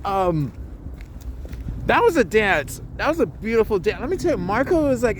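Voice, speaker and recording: A man's voice: sits high, very animated, normal speed, slight background noise. Casual, profane man rambling with restarts. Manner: profane, slangy, full of ums and restarts. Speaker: vlogger reviewing a jiu-jitsu tournament.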